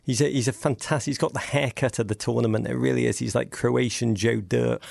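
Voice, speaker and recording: English male guest, lively storyteller, very gravelly voice, dry close sound. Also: medium pitch, brisk, no echo. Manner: animated storyteller, frequent restarts. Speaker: podcast guest. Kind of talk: casual chat.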